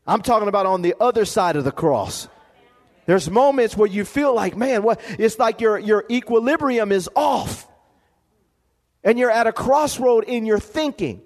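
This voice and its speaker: A man's voice: sits high, lively intonation, moderate pace, a little mellow. A man preaching a sermon as pastor, calling for amens and repeating his words as he builds a point. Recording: long hall reverb.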